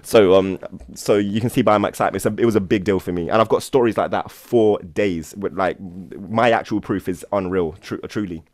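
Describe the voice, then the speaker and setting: A man's voice: deep voice, brisk, few pauses, darkish tone, no room sound, clean studio sound. A man hosting a Buddhist study session, teaching and telling stories in an enthusiastic, rambling way with many restarts. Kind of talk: casual teaching and storytelling.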